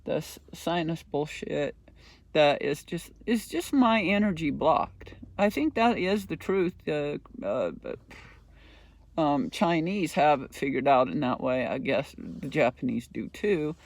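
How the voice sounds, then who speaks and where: A man's voice: fairly high pitch, lively intonation, slow, gravelly, no room sound. A middle-aged man hosting a podcast, telling a rambling story in a casual, profane monologue. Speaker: podcast host.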